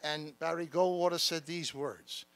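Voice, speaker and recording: A man's voice: on the high side, steady tone, a little slow, a bit bright. A man playing a fiery revolutionary founding father, giving an impassioned, emphatic political speech from a stage at a podium microphone. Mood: rousing. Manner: impassioned, emphatic, calls out to the crowd. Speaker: keynote speaker. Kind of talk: rousing political speech in character. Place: stage at a large gathering.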